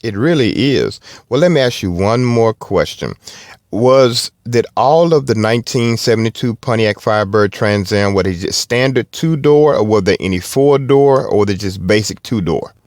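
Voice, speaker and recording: A man with a Southern accent hosting a car podcast, talking in a folksy, halting way with restarts. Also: on the low side, animated, darkish tone, no room sound, studio quality. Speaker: podcast host. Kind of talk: casual podcast talk.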